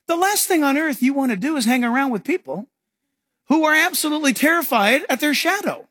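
A man preaching a sermon as pastor, animated and acting out scenes for his congregation. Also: very high-pitched, fairly quick, no echo, studio quality.

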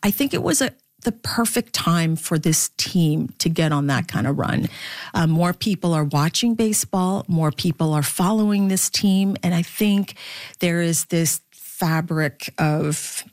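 Woman sportscaster from the philippines chatting in an interview, kinda low voice, laughs a lot, super dry mic. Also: unhurried, no echo. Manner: animated, laughs often, mimics voices in anecdotes. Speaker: sportscaster guest. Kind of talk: interview conversation.

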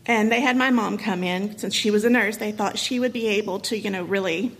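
A woman in her thirties with a husky voice, telling a painful personal story to an audience, emotional and halting, with many pauses and fillers. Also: medium pitch, a bit bright, poor audio. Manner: emotional, halting, many ums and you-knows.

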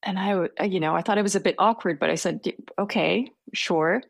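Young woman, interview guest; low and gravelly, hesitant storyteller, dry close sound. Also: a little fast, no echo. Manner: hesitant, self-correcting, soft-spoken.

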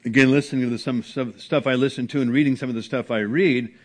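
A man preaching an earnest sermon as a pastor, with sudden rises and drops in pitch and loudness. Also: fairly even intonation, fast. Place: church sanctuary.

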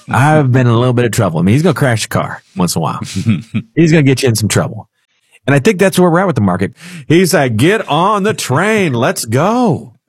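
A man's voice: mid-range voice, darkish tone, husky, no echo, clean studio sound. A man co-hosting a financial radio show, chatting in a playful, storytelling way. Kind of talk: casual talk radio chat.

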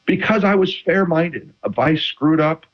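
Lively, restarting middle-aged man. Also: a little high, measured pace. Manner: animated storytelling with many restarts. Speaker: retired quarterback guest. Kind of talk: casual interview chat. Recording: dull lo-fi audio.

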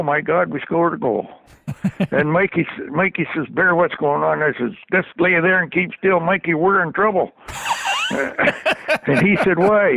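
Over a dry, tinny phone line, an older man who used to train hockey players tells folksy stories in an interview, chuckling often. His voice sits high with vocal fry, and there's no echo.

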